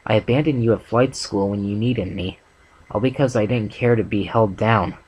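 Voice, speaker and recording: Guy reading tomboy pony girl, blunt and sorry, lowish plain voice. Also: moderate pace, a little mellow, breathy edge, muffled recording. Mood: regretful. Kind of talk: amateur fanfic reading.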